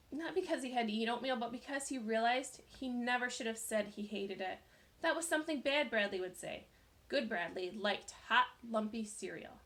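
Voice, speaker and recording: A woman reading a children's novel aloud in a lively, expressive way. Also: mid-range voice. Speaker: narrator.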